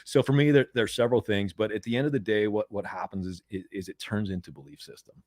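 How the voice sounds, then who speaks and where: Lowish-voiced American coach, dry sound. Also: male voice, fast talker, no echo. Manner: animated, repeats words, acts out quoted voices loudly. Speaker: mental performance coach, guest. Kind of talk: conversational interview storytelling.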